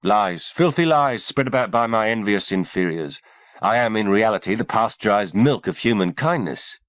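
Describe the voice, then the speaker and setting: A man voicing a gruff, sarcastic army sergeant in his mid-thirties who trades growling banter. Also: fairly low pitch, expressive, moderate pace, dry recording, natural voice. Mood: mocking.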